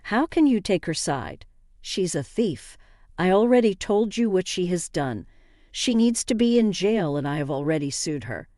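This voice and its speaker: A narrator voicing an angry, defensive husband who sounds accusing and indignant. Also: male voice, high voice, expressive, moderate pace, a little mellow, dry recording, studio quality. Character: angry, defensive cheating husband, adult man.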